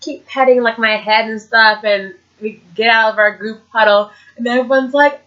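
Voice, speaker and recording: Woman, vlog host, fairly high voice, excitable, rambling storytelling, dull lo-fi sound. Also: normal speed, hardly any pauses. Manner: excitable, lots of fillers and quoted reactions. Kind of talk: casual storytelling.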